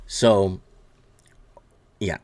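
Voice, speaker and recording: A man's voice: extremely slow, a little mellow. A man hosting a solo news commentary show, reading headlines and ranting angrily with lots of swearing, stumbling and repeating himself as he gets worked up. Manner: angry, profane ranting, reading headlines aloud. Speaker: host.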